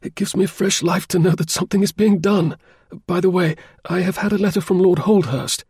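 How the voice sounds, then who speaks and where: A man voicing an anxious, ailing young male diplomat who speaks in a raised, pleading way, with a husky voice. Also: high voice, brisk, a little mellow, dry recording, clean studio sound, pitched above the performer's own voice, heavily acted.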